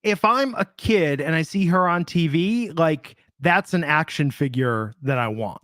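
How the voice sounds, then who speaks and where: A man's voice: fairly high pitch, lively intonation, a bit bright, no room sound, clean studio sound. A man co-hosting a wrestling podcast, giving opinions in casual, musing chat. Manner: conversational, opinionated, drawn-out musing. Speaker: podcast co-host.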